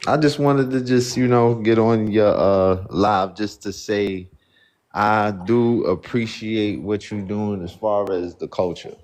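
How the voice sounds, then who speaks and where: A man's voice: lowish voice, fairly even intonation, slow pace, darkish tone. Brooklyn man calling in, hesitant. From Brooklyn, New York. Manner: loose and hesitant, many fillers. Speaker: caller. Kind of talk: casual phone-in chat.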